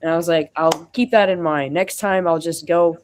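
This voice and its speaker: Rambling streamer venting at mid pitch. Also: steady tone, normal speed, slight background noise. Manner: rambling, acts out quoted dialogue, frequent fillers. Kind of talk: venting casual storytelling.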